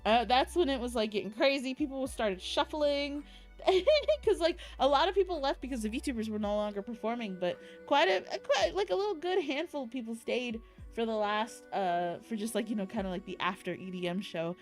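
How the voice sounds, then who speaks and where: A woman's voice: on the high side, fairly quick, few pauses, soft background music. A young woman streamer chatting casually in a bubbly, rambling way, with giggles and cutesy baby talk. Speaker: streamer recapping an event. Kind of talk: casual chat.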